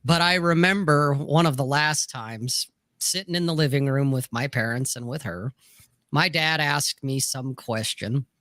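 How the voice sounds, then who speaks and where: A man's voice: medium pitch, a little slow, bright, forceful tone, no echo. A middle-aged man telling a long, candid and profane personal story on a casual podcast panel, full of "you know". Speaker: podcast co-host.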